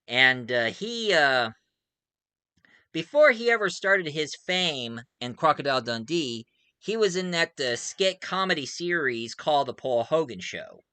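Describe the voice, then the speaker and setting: A man in his forties reviews a movie in a put-on Australian accent. He talks in a chatty way, corrects himself often, and laughs between remarks. His voice is bright and forceful, and the recording is dry and close. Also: fairly high pitch, expressive, a little slow, clear, resonant tone, no room sound. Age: 40s. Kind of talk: casual video review.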